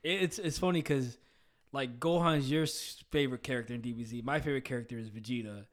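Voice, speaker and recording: A man's voice: medium pitch, fast talker. A young adult man hosting a casual podcast chat, laid-back and full of "like" and "you know". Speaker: podcast host.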